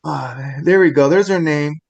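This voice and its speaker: A man's voice: on the high side, normal speed, gravelly, highs cut off. A man co-hosting a casual podcast, rambling and chatty, often laughing between thoughts. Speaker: podcast co-host.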